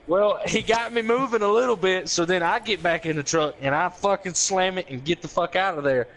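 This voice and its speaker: A man's voice: high voice, fairly quick. A young man telling a profane, laughing story to friends in a casual chat. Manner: profane, laughing, animated retelling with quoted voices.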